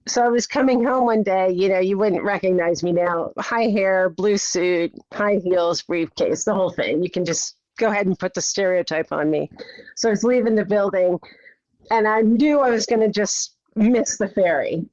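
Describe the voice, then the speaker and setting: Middle-aged lady guest, lively storyteller, kinda muffled dull audio, dry. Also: medium pitch, moderate pace, no echo. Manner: animated storyteller, acts out her own thoughts. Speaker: podcast guest. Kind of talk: conversational interview.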